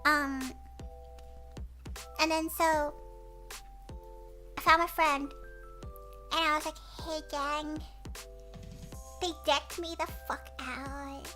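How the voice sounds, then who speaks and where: A woman streamer with a cutesy voice chats with her viewers and tells stories in a giggly, animated way. She speaks in a very high, bright tone at an unhurried pace. Faint music plays in the background. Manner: giggly, animated storytelling, squeals when excited. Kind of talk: casual chat.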